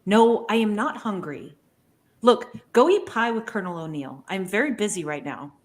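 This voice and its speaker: Woman cohost, casual chat, reads bits aloud with a lively up-and-down voice. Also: medium pitch, moderate pace. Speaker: podcast co-host.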